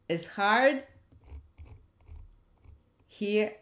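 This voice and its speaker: Woman teacher, repeats each sound patiently, very slow, roomy echo. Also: medium pitch, lively intonation. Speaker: language teacher. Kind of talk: slow alphabet lesson. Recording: echoey room.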